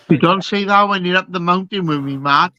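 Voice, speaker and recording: Welsh man, high lively pitch, unhurried deadpan joker, dry sound. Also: no room sound, low-quality recording. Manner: deadpan absurd jokes. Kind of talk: casual banter.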